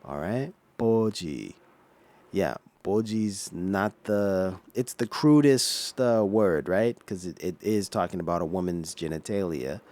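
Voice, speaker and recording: A man giving an explaining commentary on a clip, slow and patient, with many fillers and restarts. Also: deep voice, a little mellow. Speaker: reaction vlogger.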